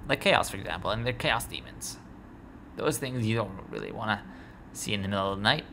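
He speaks briskly in a fairly low voice, though he's sleepy and keeps yawning. The let's play gamer rambles casually through a strategy game, stumbling over words and talking to the screen, with steady noise in the background.

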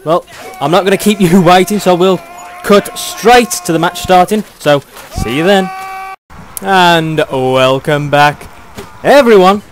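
A young British man doing excitable play-by-play commentary on a video game match, chuckling often. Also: sits high, measured pace.

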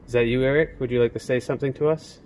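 A man's voice: medium pitch, fairly even intonation, rapid-fire, darkish tone, a little hiss or hum. A man on a ghost hunt outdoors, calling out to spirits and puzzling over a device. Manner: calls out to spirits, puzzled musing. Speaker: paranormal investigator host. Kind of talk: casual ghost-hunting chat.

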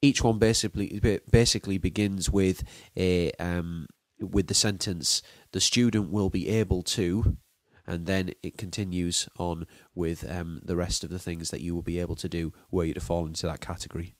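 A man explaining a marking scheme as a drama teacher, measured and listing terms one by one. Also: sits low, steady tone, no room sound. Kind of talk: explanatory lesson.

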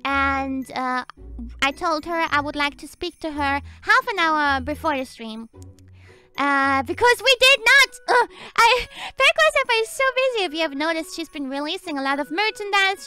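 Bubbly young woman, very high voice. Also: moderate pace, faint music behind. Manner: excitable, giggly, often repeats words. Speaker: streamer. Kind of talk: casual storytelling chat.

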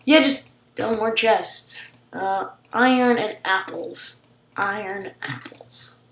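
A woman hosting casual gameplay commentary, excitable, shrieking and gasping at surprises. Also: mid-range voice, slow pace, gravelly, reverberant, slight background noise, low-quality recording. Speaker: gaming channel host.

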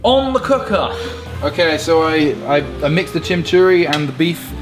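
A man's voice: fairly high pitch, animated, moderate pace. A man cooking in a kitchen for a casual vlog, joking at his own expense. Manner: self-mocking, joking banter. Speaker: vlogger cooking steak tacos. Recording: music bed under the voice.

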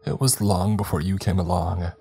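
A man's voice: low voice, moderate pace, vocal fry, dark tone, breathy edge, exaggerated voice. A man voicing a terrified, grieving middle-aged father who pleads tearfully, over faint music. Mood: pleading.

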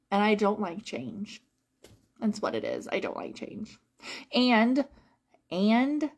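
Woman, casual live chat, rambling, animated, lots of fillers and repeats, mid-pitched voice. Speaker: independent home-fragrance consultant.

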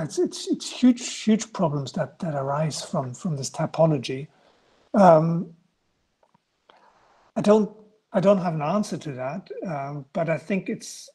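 Male guest lecturer on a video call, husky tone, hesitant answers with lots of restarts. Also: a little high, warm tone. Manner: hesitant, many restarts and fillers. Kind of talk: answering student questions in an online lecture.

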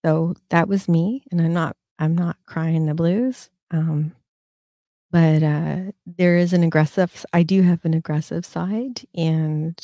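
A frank woman in her fifties hosts a casual live chat, rambling through her stories and laughing at herself. Her voice sits low and dark. The sound is dry and close. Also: fairly even intonation, unhurried, dry recording. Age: 50s. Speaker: host.

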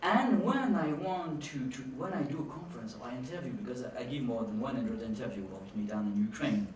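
A man's voice: mid-range voice, brisk, a little hiss or hum. A man giving a conference lecture in English, emphatic, repeating his key words for stress with phrasing. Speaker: conference speaker. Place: conference hall. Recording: roomy hall, mic at a distance.

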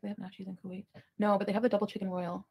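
A woman's voice: medium pitch, level tone, very fast, vocal fry, mellow, breathy edge. A woman from Ottawa chatting casually on a livestream, giggling and answering viewer comments. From Ottawa, Canada.

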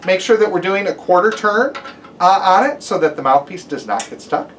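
A man's voice: high voice, fairly bright tone, distant mic, slight background noise. A man teaching a guided brass lesson, giving step-by-step instructions and counting aloud, with some "um" and "uh" fillers.

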